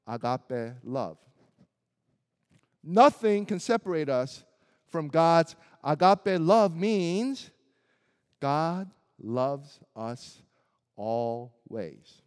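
Man preaching, native Korean speaker, slow and earnest, with a long hall echo. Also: on the high side, darkish tone. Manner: earnest, emphatic, builds through lists of rhetorical questions. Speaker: pastor. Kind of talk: sermon.

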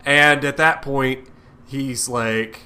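Bright-voiced man, profane and laughing. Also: mid-range voice, steady tone, very slow. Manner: profane, laughing, acts out characters in goofy voices. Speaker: podcast co-host. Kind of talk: casual comics podcast chat.

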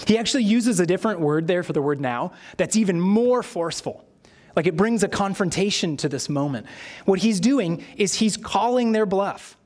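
High-voiced man preaching a sermon. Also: moderate pace. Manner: expressive preaching, acting out quoted voices. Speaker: pastor.

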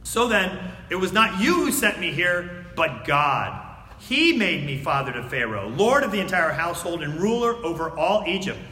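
A man preaching a sermon and reading scripture aloud, swinging between loud emphatic lines and hushed, near-whispered words. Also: high voice, very animated, normal speed, slight background noise. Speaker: pastor. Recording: echoey hall.

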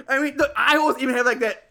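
A man with a fairly high voice talks casually on a podcast, recapping a movie with lots of swearing. He gets animated and laughs often as he goes. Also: fast talker, creaky. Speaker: podcast co-host recapping a film. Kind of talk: casual chat.

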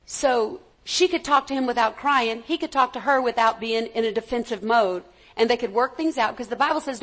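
A woman's voice: on the high side, a little fast, a bit bright. A woman preacher giving a conversational sermon, stopping to ask her congregation for an amen. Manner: conversational, calls for amens from the congregation.

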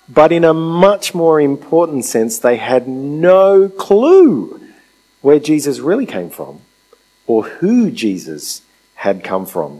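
A man's voice: a little high, darkish tone, poor audio. A man preaching a sermon in a conversational way, asking rhetorical questions and acting out quotes.

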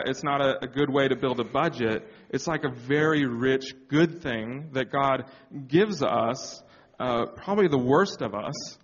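A man speaking candidly about his own story in a sermon setting, pausing and reflecting with many fillers. His voice rings out with a long hall reverb. The sound is slightly dull and muffled. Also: medium pitch. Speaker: church speaker. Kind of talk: personal testimony in a sermon.

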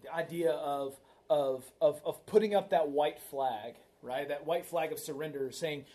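A pastor with a rather high, mellow voice preaches at a measured pace in a conversational style. He often tags his points with "right?" and uses a story to make them.

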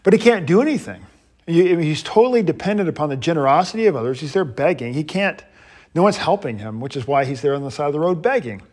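Male pastor, adult class teacher, somewhat high pitch, animated, paces while talking, frequent restarts. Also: quick pace.

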